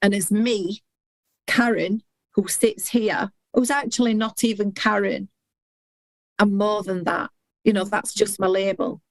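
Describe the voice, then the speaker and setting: A middle-aged woman talks candidly as a podcast guest in a heartfelt, earnest way, stumbling over and restarting her words. Her voice sits at an ordinary mid pitch, and the recording is dry and close with no room echo. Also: fairly even intonation, a little slow. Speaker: guest, intuitive healer and hypnotherapist.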